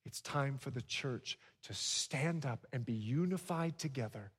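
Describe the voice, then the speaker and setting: A man preaching a sermon to a congregation, swinging from hushed lines to loud ones and slipping in humorous asides. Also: medium pitch, expressive, unhurried, breathy edge, long reverb tail. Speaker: pastor.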